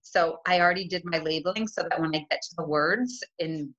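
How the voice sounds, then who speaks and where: Woman, 30s, primary teacher, bright and upbeat delivery, coaxing check-ins, muffled home-recorded audio. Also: lowish voice, a little fast. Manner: encouraging, uses rising check-ins like "right?". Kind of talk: modeling a writing lesson for young children. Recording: slightly dull lo-fi recording.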